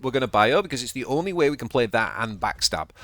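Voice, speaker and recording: Very animated and quick, a medium-pitched, slightly bright voice carries a Yorkshire host's chatty commentary on his own card game. He thinks aloud as he plays, frequently stumbling over and repeating words. There's no room sound.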